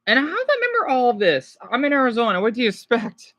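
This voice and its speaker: A YouTuber chats casually on a livestream, answering viewers in a very high, fast voice. He rambles excitably, restarting sentences and exclaiming a lot.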